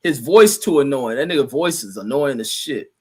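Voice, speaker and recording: A man's voice: mid-range voice, lively intonation, normal speed, slightly rough. A middle-aged man hosting a casual livestream, rambling loosely and profanely while he reads viewer comments aloud and reacts to them. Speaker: livestream host reading chat.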